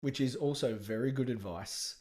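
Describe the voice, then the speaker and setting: A man's voice: mid-range voice, moderate pace, a little mellow. Playful joke-telling man in his fifties. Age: 50s. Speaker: podcast co-host. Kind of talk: unscripted comedy chat.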